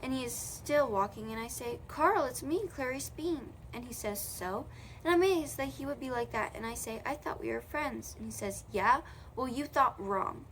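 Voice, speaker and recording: A woman's voice: high voice, lively intonation, normal speed, a little hiss or hum. A young woman reading a children's novel aloud in a casual way, correcting her own slips as she goes. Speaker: audiobook reader.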